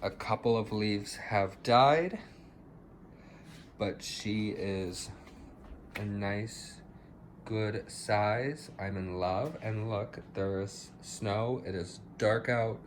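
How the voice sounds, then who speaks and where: A man's voice: lowish voice, extremely slow, a little hiss or hum. A man chatting casually through a house plant tour in his home, a little dramatic about how his plants are doing. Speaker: plant vlogger.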